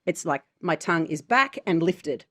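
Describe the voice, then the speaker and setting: A woman's voice: fairly low pitch, animated, normal speed, fairly bright tone, slightly rough, no room sound, studio quality. A woman with an Australian accent, a voice actor co-hosting a podcast, chatting casually and often checking in with "right?". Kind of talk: casual chat.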